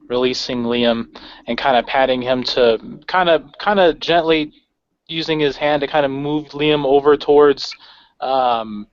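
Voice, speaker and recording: A man playing a tabletop game, casually and a little hesitantly describing what his character does. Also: mid-range voice. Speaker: player. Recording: dry, dull lo-fi recording.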